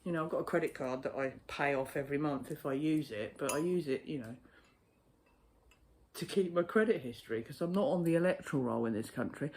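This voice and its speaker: A man chatting casually to camera, a postal worker telling stories in a blunt, sweary, animated way. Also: a little high, fairly quick.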